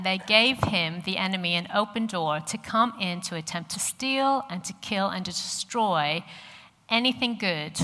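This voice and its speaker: An American woman in her fifties preaches with a bright, crisp voice. She talks in a chatty, earnest way and fills her pauses with many "ums". Her voice rings out in an echoey hall. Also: medium pitch. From USA. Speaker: church speaker. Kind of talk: sermon with personal stories.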